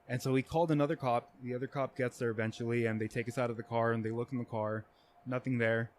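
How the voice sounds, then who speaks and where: Young adult man, casual profane storyteller, mid-pitched, filler-heavy. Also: level tone, fairly quick, slight background noise. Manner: rambling, profane, many fillers. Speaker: podcast guest.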